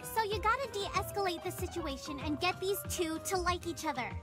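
A woman's voice: extremely high pitch, expressive, fairly quick. A woman voicing a crude, cheeky female fairy who acts as a love guide in a video game, bossy and blunt. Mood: smug. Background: game music.

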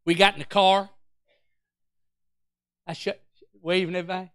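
A man's voice: sits high, normal speed, long pauses, no room sound, clean studio sound. A male pastor, preaching a storytelling sermon in a church, acting out quotes and calling out to the congregation. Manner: animated, acts out quotes, Pentecostal call-outs.

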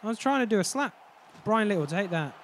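Exasperated gamer, lively high voice. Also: male voice, fast talker, creaky, slight background noise. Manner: exasperated, swearing, ranting at teammates. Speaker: gaming channel host. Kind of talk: gameplay commentary.

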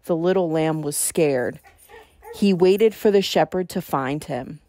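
A woman reading a Bible storybook aloud to children in a gentle, measured way. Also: deep voice, no room sound, studio quality.

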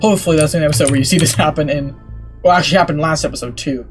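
A young man giving excitable let's play commentary, talking to himself and swearing at the game. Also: fairly high pitch, racing. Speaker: gaming YouTuber. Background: game music.

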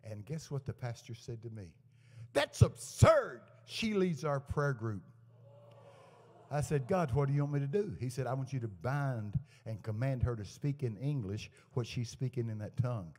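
A man's voice: medium pitch, fairly quick, hardly any pauses. A man preaching a sermon to a live congregation, telling folksy stories and acting out the dialogue in them. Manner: folksy anecdotes with lively quoted dialogue. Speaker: guest preacher. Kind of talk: storytelling sermon. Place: church service to a live congregation. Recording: echoey church hall.

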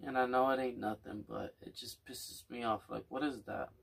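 A man's voice: mid-range voice, normal speed, vocal fry, fairly bright tone. A man hosting a casual podcast chat, teasing and crude, joking around with his guest. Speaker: podcast host.

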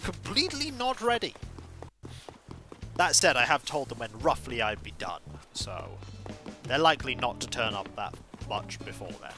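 Woman game streamer, playful and rambling, bright, animated voice. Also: extremely low pitch, normal speed, soft background music. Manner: playful, rambling, jokey asides. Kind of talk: casual game-stream chat.

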